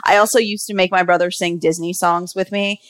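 A woman's voice: fairly low pitch, steady tone, a little fast. Rambling young woman, "like" every few words. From United States. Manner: rambling, filler-heavy, full of "like". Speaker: actor guest. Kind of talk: casual interview chat.

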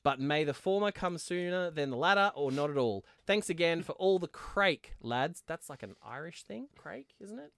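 A man's voice: on the high side, expressive, normal speed, vocal fry, hardly any pauses, a bit bright, clean tone, dry recording, clean studio sound. A man co-hosting a podcast, reading listener mail aloud with jokes and asides. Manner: jokey, laughs often, trails off into tangents. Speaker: podcast co-host.

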